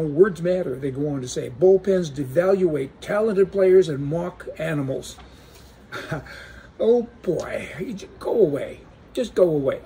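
A man's voice: on the high side, dark tone, a little hiss or hum. A man giving a casual opinion monologue on the news, folksy and sarcastic, with joking asides. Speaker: political commentator.

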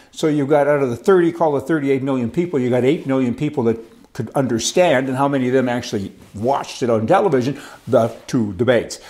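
A man's voice: fairly high pitch, warm tone. Rambling, sarcastic man. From Canada. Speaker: political commentator. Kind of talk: opinionated vlog commentary.

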